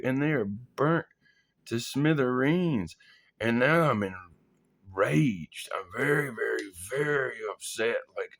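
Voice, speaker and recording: A man's voice: fairly low pitch, animated, measured pace, fairly bright tone. A young man casually telling a wild story from his army days, laughing, swearing and acting out his own panicked thoughts. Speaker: vlogger.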